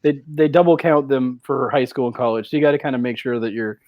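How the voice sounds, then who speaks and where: A man from Washington State talks casually on a podcast, telling stories at an easy pace. His voice sits at a middle pitch. The recording is dry and close. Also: steady tone, quick pace, no echo, highs cut off. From Washington State, USA. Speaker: podcast co-host, freelance writer.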